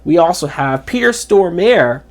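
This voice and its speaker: A man's voice: animated, measured pace. Man ranting in a casual movie review. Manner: exasperated ranting, emphatic pitch jumps; chatty and informal, fillers like "like". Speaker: film reviewer, channel host.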